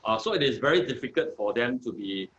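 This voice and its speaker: Guy teaching chemistry, steady, lots of uh and okay, kinda muffled lo-fi audio. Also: medium pitch. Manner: measured, many "uh" and "okay" fillers. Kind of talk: conversational explanation.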